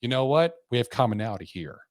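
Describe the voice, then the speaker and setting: A man's voice: mid-range voice, big pitch swings, fast, no room sound, studio quality. A man hosting a podcast, chatting casually and agreeing with enthusiasm. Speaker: podcast host.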